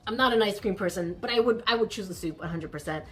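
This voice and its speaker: A woman hosting a crafting vlog, chatting casually and gushing excitedly over tiny miniature items as she builds a project. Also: medium pitch, fast talker. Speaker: crafting channel host.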